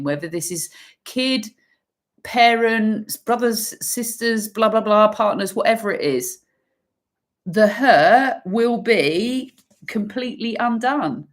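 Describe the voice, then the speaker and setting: A woman giving an intuitive tarot energy reading, emphatic and swearing freely, pausing and restarting as she pulls cards. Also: a little high. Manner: pauses and restarts while pulling cards. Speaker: tarot reader.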